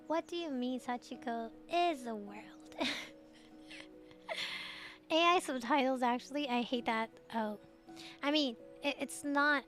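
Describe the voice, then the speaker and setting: Young girl streamer, high voice, rambly, says like a lot, giggles, quiet music in the back. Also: measured pace, long pauses. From Taiwan. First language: Mandarin. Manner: rambling and chatty, full of "like" and giggles. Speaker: VTuber streamer. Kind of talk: casual late-night stream chat.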